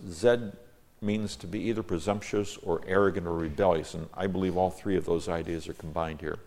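Low-voiced man teaching scripture. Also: fairly even intonation, normal speed, gravelly, darkish tone. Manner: reads scripture aloud, then stops to explain Hebrew words; stresses divine names and key words. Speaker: Bible teacher. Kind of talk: verse-by-verse Bible study lecture.

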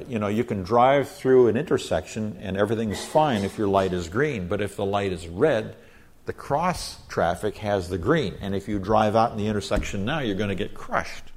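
A middle-aged man giving a verse-by-verse Bible teaching, reading scripture aloud and explaining it with everyday comparisons. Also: lowish voice. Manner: explanatory, reads scripture aloud then paraphrases with everyday analogies.

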